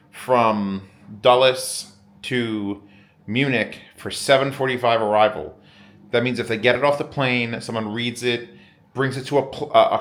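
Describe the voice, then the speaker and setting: A man's voice: medium pitch, fairly bright tone. A man hosting a casual vlog from a hotel room, rambling wryly and swearing often. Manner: rambling, profane and wry. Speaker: vlogger host.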